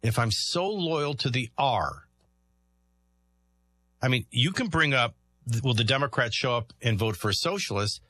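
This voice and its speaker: A man's voice: mid-range voice, big pitch swings, measured pace, long pauses, bright, forceful tone. A man hosting a talk radio show, chatting through rambling anecdotes and often laughing.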